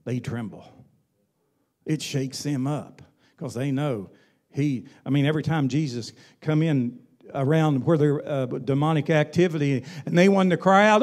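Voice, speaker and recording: A man's voice: fairly high pitch, a little slow, a little mellow. A male pastor preaching a sermon in an emphatic, folksy way, with colloquial asides.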